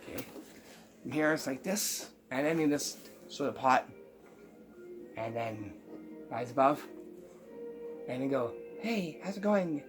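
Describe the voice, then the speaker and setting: A man explaining how a magic prank is made, step by step, pausing often with ums. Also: medium pitch, over music. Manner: unhurried, halting with many ums, explaining step by step. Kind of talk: magic trick tutorial.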